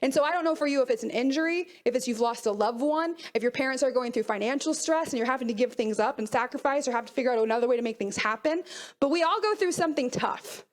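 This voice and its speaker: A woman's voice: high-pitched, quick pace. A woman in her thirties giving an earnest motivational talk to young athletes, telling her own story and acting out the voices in her head. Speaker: mental performance speaker.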